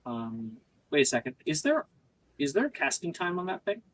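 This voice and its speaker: Bright-voiced male game master. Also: on the high side, normal speed, no room sound, low-quality recording. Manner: relaxed, chatty, many fillers. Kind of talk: narrating a tabletop game.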